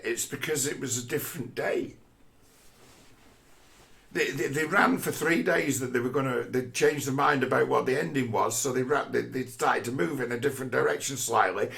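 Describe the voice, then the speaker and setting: A man's voice: mid-range voice, vocal fry, fairly bright tone. A man in a rambling, profane casual rant who often stumbles and repeats words mid-thought.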